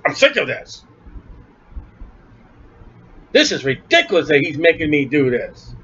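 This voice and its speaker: A man's voice: fairly high pitch, big pitch swings, unhurried, fairly bright tone, breathy edge, voice pushed down, exaggerated voice. A preacher acting as his own grumbling flesh. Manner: grumbling, resentful complaints. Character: a preacher's own flesh, sulky grown man. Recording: dull lo-fi recording.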